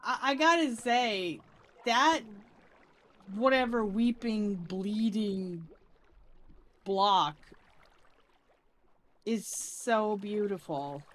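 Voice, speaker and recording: A woman streaming a block-building game in casual chat, giggly and excitable, with squeals when she is delighted. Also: mid-range voice, very slow, long pauses.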